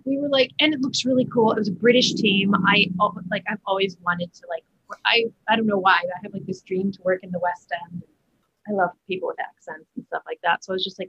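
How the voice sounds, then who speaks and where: A woman's voice: medium pitch, steady tone, a little fast, fairly bright tone, breathy edge, lo-fi sound. A woman Broadway actor chatting as an interview guest, talking in a loose, chatty way full of fillers and restarts. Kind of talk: casual interview chat.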